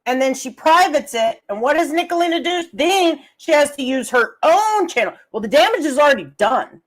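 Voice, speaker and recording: A woman's voice: high voice, expressive, normal speed, poor audio. A woman streamer giving a heated, profane, confrontational rant full of rhetorical questions. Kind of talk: angry drama commentary rant.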